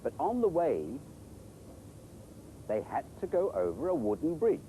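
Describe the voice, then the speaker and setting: A man presenting children's TV, telling a story in a playful, animated way. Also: a little high, measured pace, slight background noise, rough recording.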